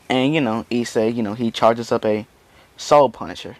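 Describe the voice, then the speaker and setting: A man's voice: medium pitch, normal speed, no echo. A man casually retelling a fan story, rambling and padding it with constant fillers. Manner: rambling, full of "you know" fillers.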